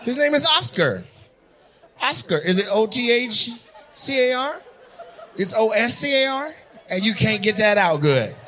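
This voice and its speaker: Loud teasing stand-up comedian, high lively voice. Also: male voice, measured pace, some chatter behind. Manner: loud, teasing, mocking banter with audience. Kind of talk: live crowd work. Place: comedy club stage. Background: audience laughter.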